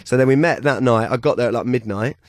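A man in his thirties, a guest impressionist in a casual interview, telling rambling stories in a lively way. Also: mid-range voice, fast, no echo, studio quality.

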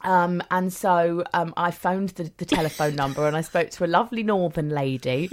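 A middle-aged woman, co-hosting a radio show and telling stories in a chatty, animated way with frequent laughter. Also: lowish voice, normal speed. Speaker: radio co-host. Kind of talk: casual radio chat.

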